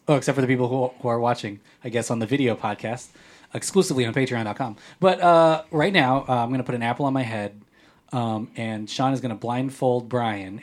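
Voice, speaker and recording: Joking male podcast host. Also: mid-range voice. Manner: jokey, playful, reads listener comments aloud. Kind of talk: casual podcast chat.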